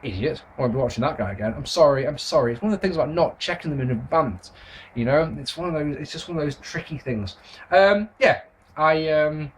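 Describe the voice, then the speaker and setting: A man who reviews wrestling videos answers viewer questions in a casual vlog, rambling, swearing and apologising for his answers in a self-deprecating way. His fairly high voice is expressive and brisk. There's a slight hiss or hum on the recording.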